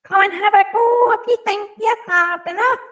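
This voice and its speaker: A cocky, taunting tough guy, as a man puts him on through a squeaky voice changer. The sound is high and thin, and the threats come out with a swagger. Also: moderate pace, sharp tone. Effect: squeaky high-pitched voice changer.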